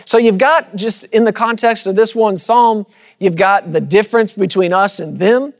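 A pastor with a high-pitched voice, speaking at a moderate pace, preaches to a congregation in a church sanctuary. He calls out to the listeners and leans on rhythmic repetition throughout his sermon.

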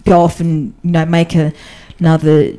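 A woman guest on a podcast, talking candidly and chattily about her life as a diplomatic spouse, often restarting her sentences. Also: normal speed. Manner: animated, often jumps up in pitch when telling stories. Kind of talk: casual podcast conversation.

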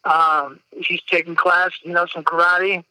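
A man's voice: high-pitched, level tone, unhurried, bright, forceful tone, clear, resonant tone, no echo, low-quality recording. A man, telling a personal story on a podcast in a candid, emotional way, swearing freely. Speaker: podcast guest. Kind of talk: casual storytelling.

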